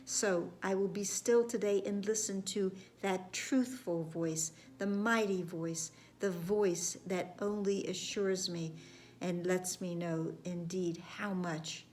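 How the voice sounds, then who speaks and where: Slow, soft-spoken woman teaching. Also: on the low side, a little hiss or hum. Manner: slow, gentle, repetitive phrasing with soft whispered words. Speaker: spiritual course teacher. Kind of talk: reflective lesson talk.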